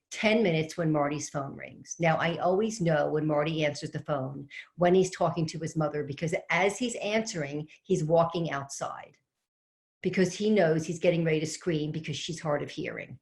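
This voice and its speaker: A woman's voice: low-pitched, moderate pace, a little mellow. A middle-aged woman speaking from home on a video-call webinar as an organizing coach. She tells a chatty story and asks the audience questions. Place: home with fresh flowers behind her.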